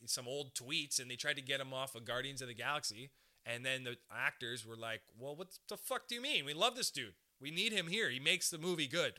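A man's voice: fairly high pitch, sharp tone. A young man hosting a podcast, rambling through a crude comedic monologue and laughing often. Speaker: podcast host.

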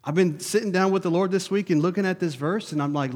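A man's voice: high voice, fast, hardly any pauses. Earnest male preacher in a reverberant hall. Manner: earnest, rising to urgent questions, dropping soft for prayer. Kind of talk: sermon. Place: church sanctuary.

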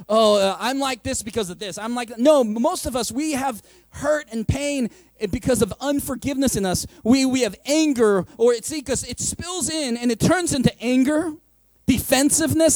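A man's voice: very high-pitched, a little mellow, no echo. A man preaching a sermon as pastor, casual and joking, acting out the voices of his listeners.

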